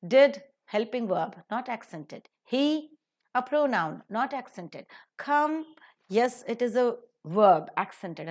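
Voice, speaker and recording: A middle-aged woman giving a recorded phonetics lecture, slowly and deliberately modelling example sentences. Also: mid-range voice, darkish tone. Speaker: English phonetics teacher.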